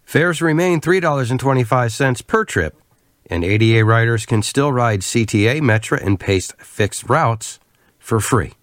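A man reading a scripted public service announcement, clear and measured, spelling out web addresses and phone numbers. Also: mid-range voice, expressive, no room sound, studio quality.

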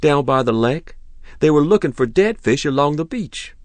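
A man's voice: a little high, lively intonation, moderate pace, no echo, voice pushed up, natural voice. A man voicing a shy, earnest, polite boy. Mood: defensive. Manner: quiet, polite denials.

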